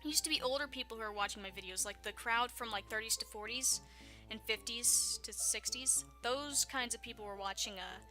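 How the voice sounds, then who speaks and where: A woman's voice: fairly high pitch, a little fast, pushed and bright, soft background music. A woman in her twenties from Texas with a Southern accent, chatting casually to her viewers, rambling and laughing often. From Texas, USA. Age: 20s. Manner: giggly, rambling, self-deprecating. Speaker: YouTuber. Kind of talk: casual vlog talk.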